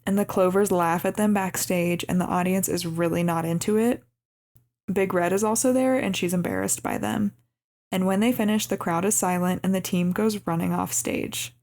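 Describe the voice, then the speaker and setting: Animated young woman with a gravelly voice. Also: on the low side, normal speed. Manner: animated retelling, acts out quoted lines. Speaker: podcast co-host. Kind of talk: casual movie recap chat.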